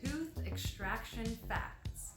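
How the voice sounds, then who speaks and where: A woman's voice: on the high side, lively intonation, slow. A woman hosting an interview, upbeat and friendly, asking questions and introducing topics. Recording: echoey room with faint music.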